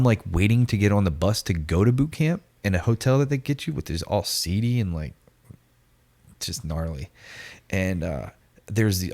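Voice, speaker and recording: A man in his forties with a low voice is a podcast guest telling a story casually. He's slangy and animated, acting out the voices of the people involved.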